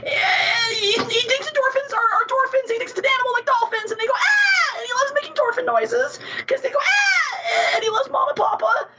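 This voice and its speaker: A silly, clingy little house cat, as a woman puts him on whines in a piercingly high, crying baby-talk voice. He squeals and half-shouts each line. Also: expressive, fairly quick, few pauses, recorded from a distance, heavy background noise. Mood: whiny. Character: silly clingy male pet cat persona.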